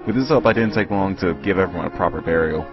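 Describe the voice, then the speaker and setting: A man voicing a stern grown male guardian in a game playthrough, speaking in a grave, measured way. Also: low-pitched, lightly acted. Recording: muffled capture with game music.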